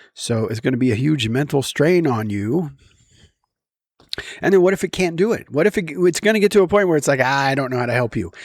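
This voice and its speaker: A man's voice: mid-range voice, no echo, studio quality. A man talking casually to camera in a rambling way, with many ums and restarts and frequent chuckles. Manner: chuckles often while talking. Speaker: vlogger.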